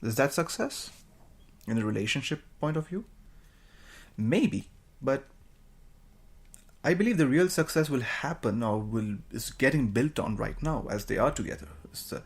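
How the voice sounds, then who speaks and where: Hosting his podcast solo, a man talks in a rambling, chatty monologue and jokes about himself. His medium-pitched voice is slightly rough, with lively intonation, a moderate pace and long pauses.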